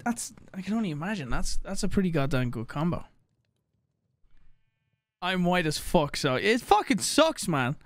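A man's voice: sits high, big pitch swings, moderate pace, long pauses, no room sound. A young man streaming a game, chatting casually and crudely, swearing and joking as he reads chat aloud. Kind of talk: casual live-stream commentary.

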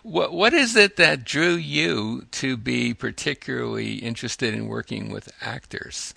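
Male interviewer with a very gravelly, bright voice; measured, sums things up. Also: medium pitch, dry recording. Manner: measured, summarizing, hesitant. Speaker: interview host. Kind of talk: conversational interview.

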